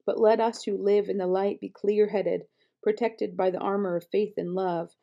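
A woman reading scripture aloud in a measured, steady delivery, now and then correcting a slip. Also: medium pitch, vocal fry, lo-fi sound. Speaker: Bible reader.

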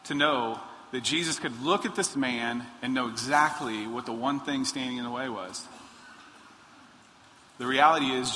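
A male pastor preaching with animated energy, acting out people's pleas as he goes. His voice is bright and forceful. The sound carries a long hall reverb over faint background noise. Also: mid-range voice. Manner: animated, acts out quoted pleas in a raised voice. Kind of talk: sermon.

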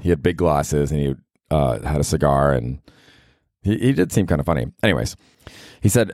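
A man's voice: rumbling low, lively intonation, moderate pace, pauses often, darkish tone, no echo, clean studio sound. A man hosting a solo comedy podcast, rambling casually in a slangy, laid-back way.

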